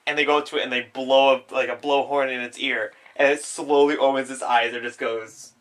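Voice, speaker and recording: A man's voice: medium pitch, little pitch movement, a little fast, a bit bright. A young man co-hosting a podcast in casual chat, with dry, offhand quips. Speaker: podcast co-host.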